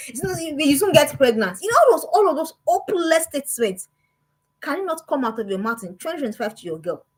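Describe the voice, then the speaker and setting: A woman's voice: sits high, rough recording. A woman, giving an emphatic motivational talk to parents as a parenting coach and firing off repeated words and rhetorical questions.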